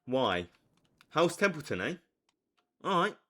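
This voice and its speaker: A young man giving live commentary on a strategy game, swinging from low muttering to hyped outbursts. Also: very animated, takes it slowly, pushed and bright. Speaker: streamer.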